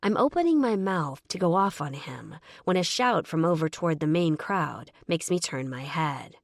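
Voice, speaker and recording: A woman narrating an audiobook in the first person, measured and wry. Her voice sits a little low and the recording is dry and close, with no room sound. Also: animated, vocal fry, no echo.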